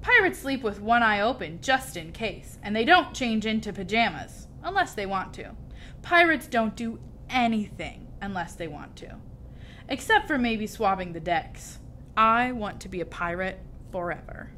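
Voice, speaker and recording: A woman reading a children's story aloud with expressive, lively storytelling. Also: mid-range voice, normal speed, slight background noise. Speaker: storybook reader.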